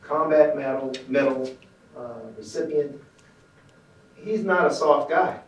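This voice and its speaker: A man's voice: fairly high pitch, slow, lo-fi sound. A male attorney delivering a closing argument, speaking emphatically to the jury. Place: echoey courtroom. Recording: echoey courtroom recording from far off.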